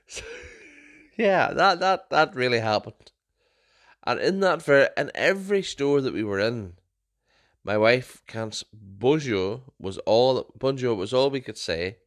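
A man's voice: mid-range voice, animated, slow, pauses often. A young man hosting a podcast, telling stories in a casual, rambling way with frequent restarts and self-corrections. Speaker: podcast host.

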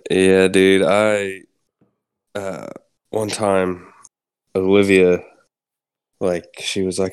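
Young male co-host, low and nasal from a cold, easygoing, dry close sound. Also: level tone, very slow, pauses often, clear, resonant tone, dry recording. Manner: easygoing, laughs a lot. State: a little sick, nasal. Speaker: podcast co-host. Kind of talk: casual chat.

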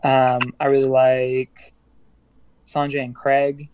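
A young man talks through a relaxed podcast chat at an ordinary pitch. He rambles, circles back and fills gaps, sounding upbeat and eager to share. It comes across as loose and unscripted. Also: slow, lo-fi sound, slight background noise. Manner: rambling, upbeat, lots of fillers and restarts. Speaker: musician guest. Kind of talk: casual podcast interview.

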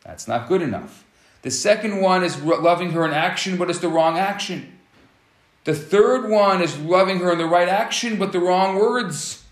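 A man's voice: high-pitched, moderate pace, echoey room. A man giving a relationship teaching talk who explains step by step and acts out scenarios.

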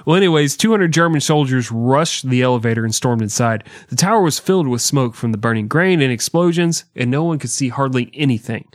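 A man's voice: mid-range voice, lively intonation, brisk, few pauses, no echo, clean studio sound. A man co-hosting a history podcast, retelling events in a casual, profane, joking way. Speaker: podcast co-host.

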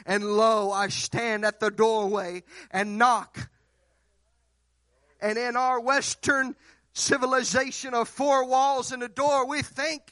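A young man preaching with a high, slow voice, his sermon rising in repeated cadences toward shouts. The sound is dry and close. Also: dry recording. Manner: impassioned, repetitive cadences building to shouts.

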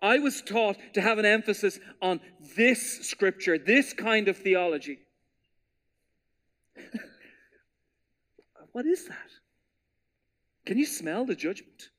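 A man preaching a sermon as pastor, animated and storytelling, acting out quotes with playful voices. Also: high voice.

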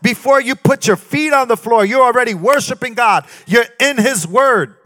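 A male preacher with a high, bright, forceful voice. He delivers his sermon in a rising, sing-song preaching cadence and keeps breaking in with exclamations of praise. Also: moderate pace.

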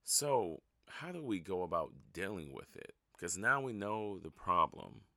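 A man with a very low, gravelly voice talks through a casual solo podcast. His tone is bright and forceful, and he keeps laughing at himself. The sound is close and dry. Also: sing-song, unhurried, no echo. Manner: rambling, self-mocking, laughs at his own stories. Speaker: podcast host.

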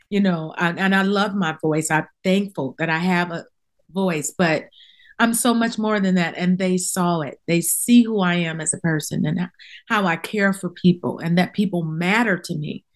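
A middle-aged woman with a mid-range voice speaks as an interview guest. She talks in a heartfelt, animated way and is openly emotional about her work. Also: mid-range voice. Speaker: guest singer. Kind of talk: casual interview chat.

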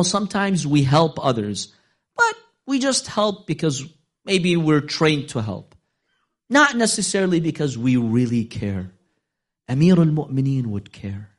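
A man preaching a sermon, telling a story with dramatic swings of pitch and loudness, sometimes slowing into a chanted, half-sung delivery. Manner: storytelling, voicing quoted figures, dramatic rises in pitch.

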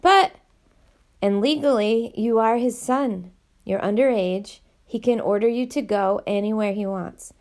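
A woman voicing a weary, sympathetic middle-aged male headmaster, speaking gently and apologetically in an audiobook reading. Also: mid-range voice, a little slow, lightly acted. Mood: apologetic.

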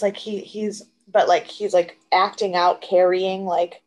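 A woman's voice: on the low side, flat delivery, unhurried, few pauses, darkish tone, poor audio. Chatty young woman podcast co-host. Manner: chatty storyteller, many fillers. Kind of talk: casual chat.

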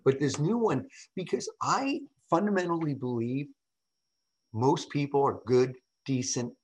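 A middle-aged man, a podcast guest and public speaker, telling stories in a casual interview with an animated, emphatic manner, often asking "right?". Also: medium pitch, unhurried, low-quality recording.

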